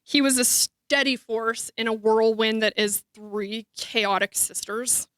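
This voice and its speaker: High, bright-voiced woman giving a eulogy. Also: steady tone, slow pace, dry recording, studio quality. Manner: heartfelt, tearful. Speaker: eulogy speaker, sister. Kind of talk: memorial speech. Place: memorial hall.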